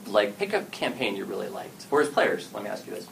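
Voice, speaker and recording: This panel talk about story games comes from a man with a lowish, fairly bright voice who speaks briskly with big pitch swings, animatedly voicing players and game masters for a casual event crowd. A distant mic picks up clear background noise.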